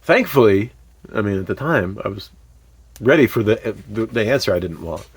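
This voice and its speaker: A man telling a personal story in a candid, animated way, with frequent fillers and sudden swear words. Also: lowish voice, normal speed, slightly rough, dry recording. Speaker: vlogger.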